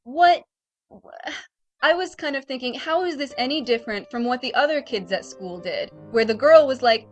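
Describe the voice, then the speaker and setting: A woman's voice: high voice, expressive, moderate pace, faint music behind. Woman casually retelling a film's plot. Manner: retells scenes, quoting characters. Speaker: podcast co-host. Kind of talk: casual chat reviewing an anime film.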